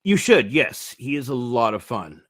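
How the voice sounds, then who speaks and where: A man's voice: mid-range voice, very animated, moderate pace, a bit bright. A man co-hosting a casual podcast chat, laughing often and retelling movie scenes. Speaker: co-host.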